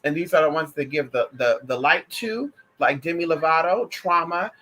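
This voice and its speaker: A woman's voice: low-pitched, normal speed, fairly bright tone, poor audio. A trans woman delivering a casual opinion monologue to her viewers, sassy and emphatic, with heavy profanity and pet names like honey and girl. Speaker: vlogger.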